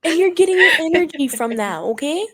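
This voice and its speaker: A woman's voice: very high voice, very animated, brisk, pushed and bright. A young woman co-hosting a casual podcast chat, playful and mock-scolding but encouraging. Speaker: podcast co-host.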